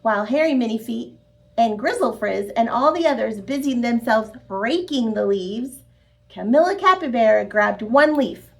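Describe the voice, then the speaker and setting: Lively, sing-song woman reading to children. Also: a little high, moderate pace, vocal fry. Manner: expressive, sing-song, addresses children directly. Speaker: storyteller. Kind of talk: children's read-aloud.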